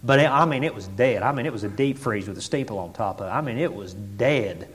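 Male preacher, animated folksy storyteller who drops to a hush then shouts; long church reverb. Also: on the low side, brisk, soft background music. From Tennessee. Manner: swings from hushed asides to shouted exclamations; folksy, many fillers like "I mean" and "boy".

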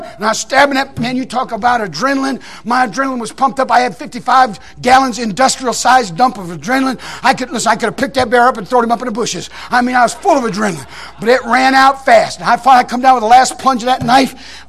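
A man, a preacher telling a folksy story in a sermon to a congregation, shouting out the lines he quotes. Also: extremely high pitch, fast. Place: church in front of a congregation.

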